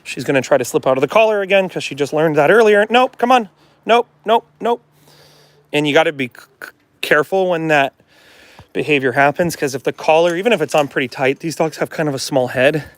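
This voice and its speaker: A man's voice: on the high side, quick pace, no room sound. Chatty man explaining dog training. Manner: chatty, talks to the viewers and coaxes the dog. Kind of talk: casual live training demo. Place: at home with a dog, partly in the yard.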